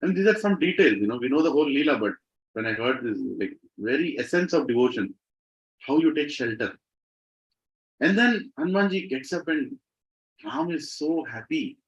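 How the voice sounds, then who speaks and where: A man telling devotional stories to a group, animated and asking the audience questions. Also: a little high, moderate pace. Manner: lively, animated storytelling, asks audience questions. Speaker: devotional speaker. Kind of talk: devotional storytelling talk. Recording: slightly muffled recording.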